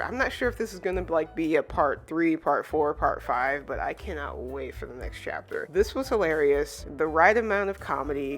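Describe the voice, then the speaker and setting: A woman's voice: deep voice, a bit bright. A woman giving a casual chapter review, chatty and full of fillers. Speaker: manga reviewer.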